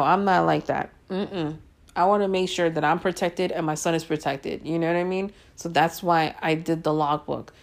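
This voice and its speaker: A woman in her thirties telling her own story to her listeners in a blunt, frank way, swearing freely and using lots of fillers. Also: on the low side. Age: 30s. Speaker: podcast host.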